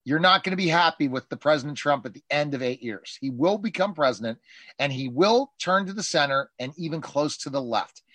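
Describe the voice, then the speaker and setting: Animated high-voiced man holding forth. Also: fairly quick, dry recording. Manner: emphatic, animated, mimics politicians in quoted asides. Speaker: show host and journalist. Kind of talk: political talk show discussion.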